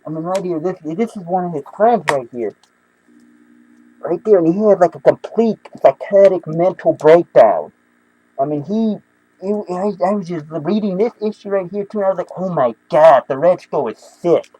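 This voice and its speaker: Excitable high-voiced young man rambling. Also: normal speed, breathy edge, low-quality recording. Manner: excitable, rambling, many restarts and fillers. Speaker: comic book reviewer. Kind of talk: casual comic book review.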